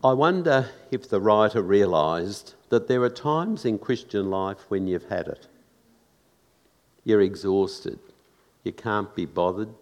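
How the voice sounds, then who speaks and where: A man preaches slowly from the pulpit, his voice sitting a little low. He talks to his congregation in an earnest, conversational way, asking rhetorical questions. The sound carries a long reverb from a church hall. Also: muffled recording. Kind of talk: sermon.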